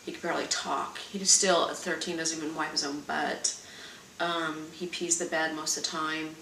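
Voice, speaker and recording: A mother in her forties talks candidly and evenly, her lowish voice settled and resigned. She sounds set back from the microphone in a roomy space, with a faint hiss underneath. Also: flat delivery. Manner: frank, measured, quietly resigned. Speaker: mother of two sons with special needs. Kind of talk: candid interview talk. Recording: roomy sound from a distant mic, faint noise.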